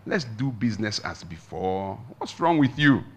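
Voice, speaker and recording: A man's voice: fairly low pitch, sing-song, moderate pace, a little mellow, a little hiss or hum. A man voicing a seductive woman who coaxes a servant to give in, in a raised, wheedling voice. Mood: coaxing. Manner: coaxing, wheedling.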